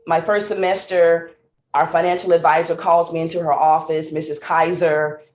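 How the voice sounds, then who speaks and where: A middle-aged woman from Mississippi with a Southern accent, a singer telling her life story in an interview, animated and laughing often. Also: sits low, normal speed, reverberant. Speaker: guest, singer and speaker.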